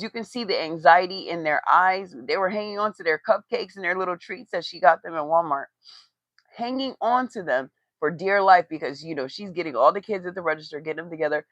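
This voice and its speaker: A woman with a fairly low voice tears into someone on a casual livestream, blunt, profane and mocking, her outbursts jumping up in loudness. The sound is dry and close, a little dull and lo-fi. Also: no echo. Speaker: tarot reader and commentator. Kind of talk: casual livestream gossip commentary.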